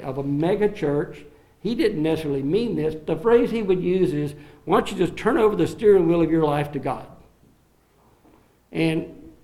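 Man, pastor, high voice, teaching sermon, animated, middle-aged. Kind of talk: expository sermon.

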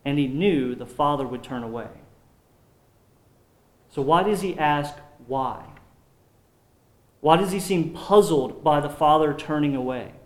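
A man preaching a sermon as pastor, earnest and measured, often dropping his voice low on solemn points. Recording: roomy echo.

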